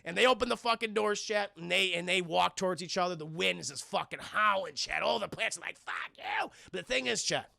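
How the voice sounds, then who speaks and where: Male streamer, animated and profane, high voice, bright and gravelly, dry close mic. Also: fast, hardly any pauses, dry recording. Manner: animated, profane, keeps addressing chat. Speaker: streamer film reviewer. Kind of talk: casual scene-by-scene film recap to live chat.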